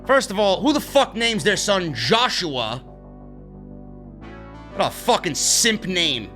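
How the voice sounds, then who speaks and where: A brash man rants through a livestream wrestling review and swears freely. His voice is bright and high for a man. It leaps up and down with a lot of animation over faint background music. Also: very animated, slow pace. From New York. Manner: profane, ranting, brash. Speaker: wrestling show reviewer, podcast host. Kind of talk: livestream rant, casual chat.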